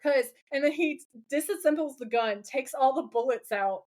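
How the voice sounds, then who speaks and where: A woman co-hosting a podcast, telling a TV episode as an animated story, acting out characters' lines and laughing often. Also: high-pitched, moderate pace. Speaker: podcast co-host. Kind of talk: casual recap chat.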